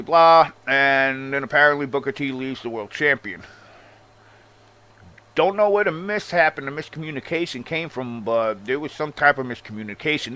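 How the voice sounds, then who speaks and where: Hosting a wrestling show, a man with a sharp, medium-pitched voice goes on a casual rant. He's sarcastic, swears heavily, and keeps addressing the listener as "bro."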